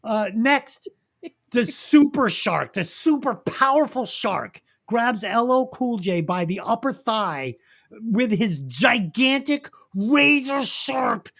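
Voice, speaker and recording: A podcast host ranting through a comedic movie review, swearing a lot, going from loud to low. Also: slow. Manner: animated, swings between loud and low.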